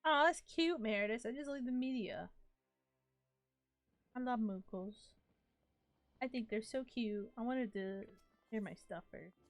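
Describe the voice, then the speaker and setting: High-voiced giggly woman streamer. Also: unhurried, long pauses, dry recording, soft background music. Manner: playful and giggly, laughs often; chats to viewers while playing. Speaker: live streamer. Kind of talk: casual live-stream gaming chat.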